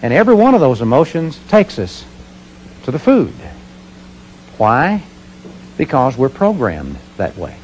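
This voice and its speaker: A man's voice: medium pitch, wildly swooping pitch, a little slow, long pauses, a little mellow, a little hiss or hum, low-quality recording. A middle-aged man giving a talk to an audience, telling stories and asking questions he answers himself. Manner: earnest storytelling with rhetorical questions. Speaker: motivational speaker.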